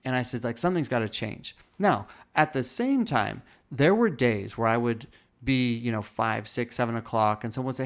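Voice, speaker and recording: Man, podcast host, reflective storytelling, casual talk, lively quoted dialogue. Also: medium pitch, normal speed.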